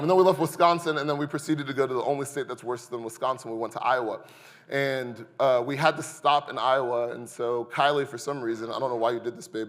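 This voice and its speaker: Joking pastor preaching in a reverberant hall. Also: male voice, medium pitch. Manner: lively, joking storyteller who addresses the congregation. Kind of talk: sermon with humorous storytelling. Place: church sanctuary.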